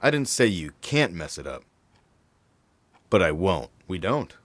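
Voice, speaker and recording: A man in his fifties playing his own cryptic, deadpan older self who has come back from the future, in an audio drama. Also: low-pitched, unhurried, no room sound, full character voice. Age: 50s. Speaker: older time-traveling self.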